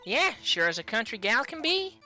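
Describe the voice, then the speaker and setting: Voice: mid-range voice, big pitch swings, normal speed, pushed and bright, soft background music. A streamer voicing a brash country woman witness with a put-on drawl. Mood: cocky. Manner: drawling, folksy. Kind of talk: reading game dialogue aloud.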